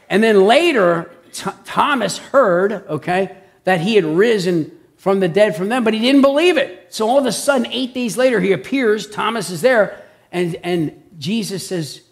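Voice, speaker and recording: A man preaching a conversational sermon, animated, who keeps checking in with his listeners with "okay?" and "right?". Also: sits high, measured pace, gravelly.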